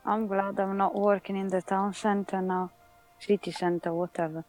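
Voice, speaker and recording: A woman's voice: medium pitch, little pitch movement, moderate pace, a little mellow, soft background music. A woman playing in a tabletop game, chatting casually and offhandedly during a break. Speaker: player. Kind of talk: casual chat.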